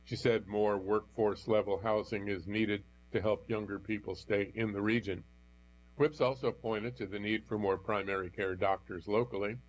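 A man with a fairly low voice reads news articles aloud, keeping a steady, even delivery. The recording is dull and lo-fi. A faint mains hum runs underneath. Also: normal speed. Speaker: news reader.

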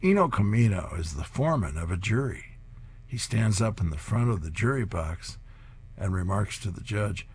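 Husky low-voiced man reading comic strips. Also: animated, normal speed. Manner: chuckles at the jokes. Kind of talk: reading service narration.

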